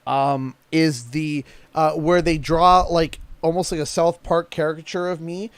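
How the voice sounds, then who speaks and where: A man's voice: a little high, little pitch movement, a little slow, clear, resonant tone, no echo. A man with a Canadian accent, chatting casually while streaming a game, rambling with many fillers. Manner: rambling, chatty, fond of putting on a playful accent. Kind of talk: casual livestream commentary.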